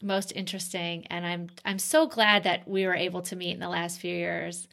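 A woman interviewing a guest, speaking haltingly with many fillers and restarts. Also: lowish voice, flat delivery, vocal fry, fairly bright tone. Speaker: interviewer and author. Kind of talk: conversational interview.

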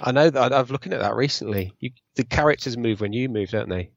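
A man's voice: mid-range voice, fast, gravelly, dull audio. A man in casual chat, joking and self-mocking as a quiz contestant. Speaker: podcast co-host, quiz contestant.

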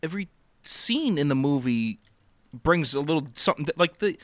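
A man co-hosting a casual podcast, chiming in with quick, agreeable replies. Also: a little high, dry recording. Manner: quick back-channel replies, relaxed and agreeable. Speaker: podcast co-host. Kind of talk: casual chat.

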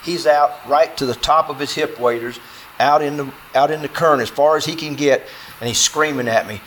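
A man telling a true outdoor story to an audience in a folksy, animated way, acting out dialogue with plenty of fillers. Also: a little high, fairly quick, a little hiss or hum, low-quality recording.

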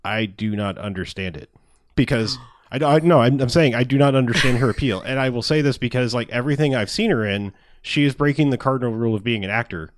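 A podcast co-host with a mid-range voice rambles through casual chat with many fillers, laughing and swearing now and then. The sound is clean studio audio with no room echo.

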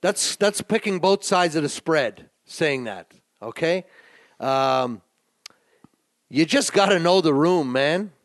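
A man co-hosting a casual sports betting podcast, swearing and emphatic, swinging between low mutters and excited outbursts. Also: slow pace, dry recording, studio quality. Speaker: podcast co-host.

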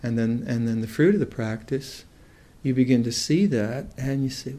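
Here an older man teaches meditation, his medium-pitched voice mellow and relaxed as he thinks aloud. In an unhurried dharma-talk manner, he keeps restarting phrases before reaching his point, thoughtful and halting throughout.

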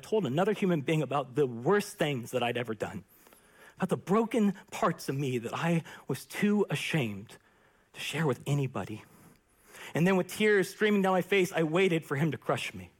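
A young adult man preaching a sermon, earnest and impassioned, dropping to a hush at times. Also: fairly high pitch. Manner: earnest and impassioned, with hushed quiet passages. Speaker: pastor.

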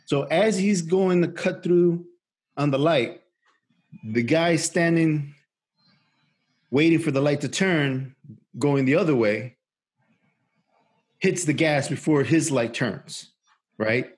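Husky man telling a rambling story. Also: fairly high pitch, takes it slowly, long pauses. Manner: rambling, profane, many fillers and restarts. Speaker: podcast co-host. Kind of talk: casual storytelling.

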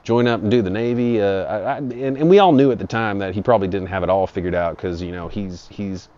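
A man's voice: fairly low pitch, fast talker, a little mellow. A man telling a rambling, profane comic story in an improvised monologue. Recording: dull lo-fi audio.

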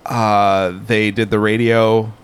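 A man's voice: on the low side, little pitch movement, slow, smooth. A man telling a story in casual podcast chat, rambling and full of fillers like "like" and "um". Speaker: podcast co-host.

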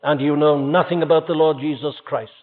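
A man preaching a sermon with fervent rises and solemn hushed passages. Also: on the high side, fairly even intonation, brisk. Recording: old lo-fi phone-band recording in a reverberant hall.

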